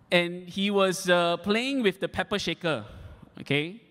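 A pastor delivers a sermon with a somewhat high voice, restating his key points for emphasis. He speaks in a church hall with a long, ringing echo. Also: normal speed. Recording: echoey hall.

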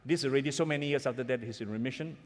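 A man's voice: medium pitch, rapid-fire. A middle-aged man, preaching a sermon as pastor, telling stories earnestly and building to emphatic peaks. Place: church sanctuary. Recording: reverberant church hall.

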